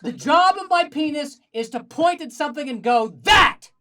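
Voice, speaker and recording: A man doing a stand-up comedy set, telling animated stories with self-deprecating asides, performing remotely over a video call. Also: extremely high pitch, moderate pace.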